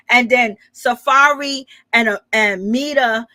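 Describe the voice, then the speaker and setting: A woman recaps reality TV drama in a loose, chatty way, laughing often and playing out what each person said. Her voice sits a little high and sounds bright and forward. The recording is dry and close. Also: unhurried, no room sound. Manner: animated retelling with quoted dialogue. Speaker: gossip channel host.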